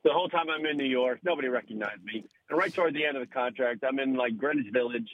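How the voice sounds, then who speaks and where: In a casual chat as a radio guest, a man who is a comedian and podcast host tells an animated story full of acted-out voices and frequent laughter. He has a mid-range voice and a quick pace, and the dry recording sounds narrow and tinny.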